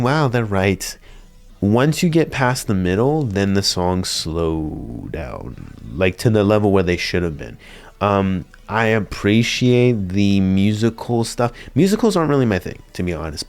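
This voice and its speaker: Rambling young man reviewing a film. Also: lowish voice. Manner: rambling, stammers and restarts, laughs often. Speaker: anime reviewer. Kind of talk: casual spoken review.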